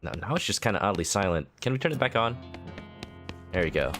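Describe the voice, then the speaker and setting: A man's voice: fairly low pitch, animated, fast talker, a bit bright, faint music behind. A male game streamer reading game text aloud and joking, slipping into a mock southern drawl.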